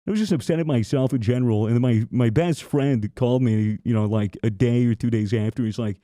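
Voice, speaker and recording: A young podcast host tells a story with casual swearing and constant restarts. His voice is very dark and mellow. The sound is dry and close. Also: mid-range voice, brisk, no room sound. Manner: profane, rambling, with frequent restarts.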